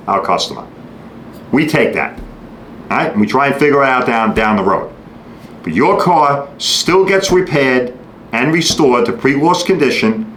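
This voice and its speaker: A man hosting a podcast, giving a blunt, sarcastic monologue and acting out customers and shop staff in quick quoted bits. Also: medium pitch, fairly bright tone. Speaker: podcast host. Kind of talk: opinionated monologue. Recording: echoey room with faint noise.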